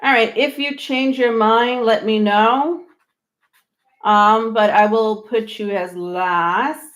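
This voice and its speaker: A woman hosting a tarot live stream, talking casually, a little out of breath, rambling with many pauses and restarts. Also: on the high side, steady tone, fairly bright tone. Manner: rambling, many ums and restarts, laughs often. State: slightly out of breath.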